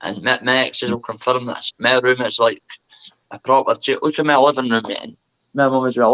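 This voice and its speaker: Earnest rambling man, bright lo-fi voice. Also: mid-range voice, fairly even intonation, fairly quick. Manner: earnest, rambling, says "mate" constantly. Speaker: guest. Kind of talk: casual chat.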